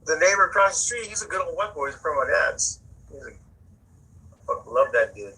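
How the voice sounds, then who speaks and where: Husky man with a sharp, bright voice. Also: a little high, big pitch swings, fast talker, poor audio. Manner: profane, rambling, repeats words while searching. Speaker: interviewee. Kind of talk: casual spoken storytelling.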